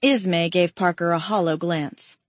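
A woman narrating a historical story aloud, shifting her voice up and louder for the quoted lines. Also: on the low side, moderate pace, no echo.

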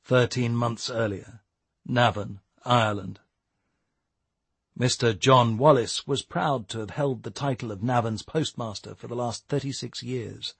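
Male audiobook narrator, husky voice, dry close recording, measured. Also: mid-range voice, no echo. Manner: steady, measured storytelling. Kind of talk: scripted narration.

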